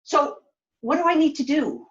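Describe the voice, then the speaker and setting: A woman puppeteer voicing a chatty, excitable young girl who talks in quick, sassy bursts during a puppet show. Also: high voice, muffled recording, close to an everyday voice. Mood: sassy, excited. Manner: breathless, sassy, quick to exclaim.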